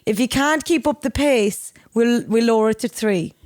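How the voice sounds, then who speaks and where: A young woman co-hosting a podcast, teasing and laughing as she runs a quick quiz. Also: on the high side, darkish tone, no echo. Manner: giggly, teasing quizmaster. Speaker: podcast co-host. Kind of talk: casual chat. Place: small room, in a dinosaur costume.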